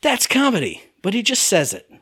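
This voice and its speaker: A man's voice: high voice, huge pitch swings, brisk, a bit bright, slightly rough, no room sound, clean studio sound. A man co-hosting a casual chat, ranting about a game and mimicking characters' lines in exaggerated voices. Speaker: podcast co-host reviewing a game.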